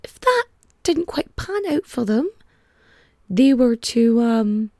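A woman hosting a casual history podcast, chatty and irreverent, full of filler words and cheerful swearing. Her voice sits fairly high and swoops a lot, with a gravelly fry, recorded close and dry. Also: sing-song, slow, mellow, no echo. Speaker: podcast host.

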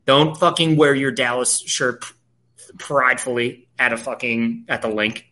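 A man's voice: mid-range voice, moderate pace, pushed and bright. A man, ranting profanely as a podcast co-host in casual sports chat.

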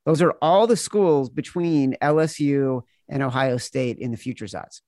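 A man hosting a sports betting podcast, teasing his guest and briskly wrapping up the show. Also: medium pitch, a little mellow, no echo, studio quality. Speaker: podcast host. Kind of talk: casual podcast chat.

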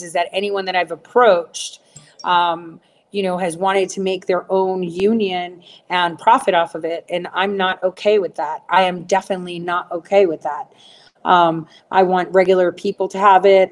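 A middle-aged woman talking to viewers in a rambling, blunt, profane rant, full of fillers. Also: lowish voice. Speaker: livestream host answering viewers.

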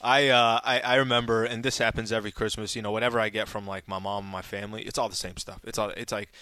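A man's voice: on the low side, level tone, fast talker, bright, forceful tone, no echo. A man co-hosting a talk radio show, chatting casually with rambling restarts. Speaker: radio co-host.

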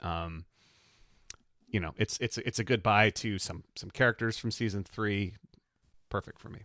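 Speaking at a moderate pace in a fairly low, slightly bright voice, a male podcast co-host talks things over casually, enthusiastic and careful in his analysis. The studio-quality recording has no echo.

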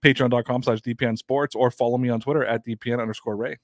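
A man hosting a live sports talk show in a loose, chatty, teasing way. His voice sits at an ordinary pitch, recorded close and dry with no room sound. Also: steady tone, quick pace, no echo. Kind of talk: casual live show chat.

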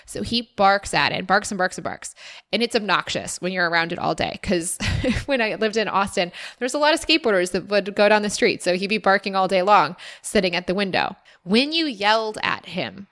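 A woman talks through listener questions on her own podcast. Her voice is bright and clear, with a middling pitch. She sounds earnest and encouraging, and she reflects as she goes. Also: lively intonation, brisk. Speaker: podcast host. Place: former resident of Austin.

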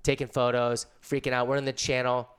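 A man's voice: mid-range voice, flat delivery, a little fast, clean tone. A middle-aged man casually telling a story in laid-back, slangy surfer talk.

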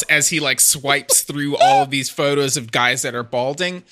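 A man co-hosting a casual podcast, rambling with halting restarts and swearing. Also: medium pitch, sharp tone. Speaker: podcast co-host. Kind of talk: casual chat.

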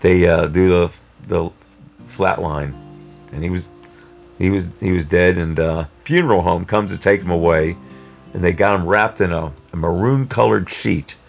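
A man telling a personal story in a rambling, halting way with many restarts. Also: low-pitched, gravelly, soft background music. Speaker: storyteller guest. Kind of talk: casual spoken storytelling.

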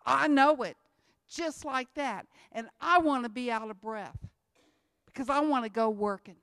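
A woman's voice: high voice, unhurried, fairly bright tone, clear, resonant tone, dry recording, studio quality. A woman, giving an emphatic church talk about mission work and repeating her key lines. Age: 60s. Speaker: missionary speaker.

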